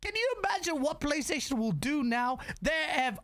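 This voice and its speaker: A man hosting a gaming podcast in casual chat, ranting in an animated way, swearing freely and stumbling over restarts. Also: extremely high pitch, moderate pace.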